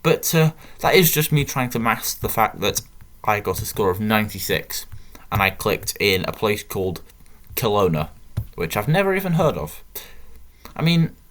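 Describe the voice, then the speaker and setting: A man's voice: mid-range voice, a little hiss or hum. A British man giving casual, rambling gameplay commentary with self-mocking jokes. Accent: British English. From Britain. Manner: chatty, rambling, self-mocking, jokey asides. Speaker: gaming channel host.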